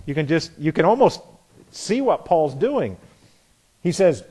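A man's voice: fairly high pitch, sing-song, measured pace, long pauses, warm tone, breathy edge. A man preaching a sermon, reading scripture aloud and explaining it in a conversational way. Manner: conversational, reads scripture then comments. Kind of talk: expository sermon.

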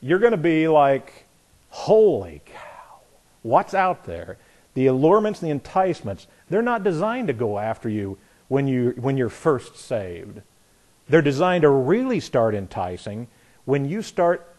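A man preaching a sermon, animated, telling stories and asking rhetorical questions. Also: mid-range voice. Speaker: pastor.

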